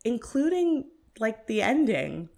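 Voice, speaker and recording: Co-host, woman. Chatty, animated film talk, loose and filler-heavy. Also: a little high, slow pace, creaky. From North America. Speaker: podcast co-host. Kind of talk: casual chat.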